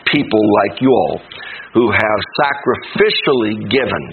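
A man's voice: on the low side, expressive, measured pace. A man preaching a sermon as a visiting preacher. He tells stories, quizzes the congregation, and reads scripture in a raised, ringing tone. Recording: tinny phone-like sound with noise.

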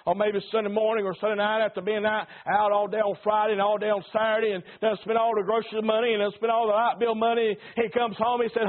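A man preaching a sermon, swinging between loud passion and hushed warnings. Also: high voice, flat delivery, fast talker, hardly any pauses. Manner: impassioned preaching that rises and drops sharply in volume. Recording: tinny phone-like sound.

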